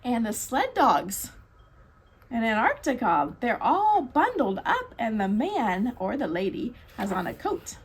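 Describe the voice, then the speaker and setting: A woman reads a children's picture book aloud, very expressive, with her pitch leaping around. Her voice sits high and she takes her time, stopping to chat with the kids. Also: a little slow, husky. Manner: expressive, chatty asides to children. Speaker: bookstore storytime reader. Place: bookstore.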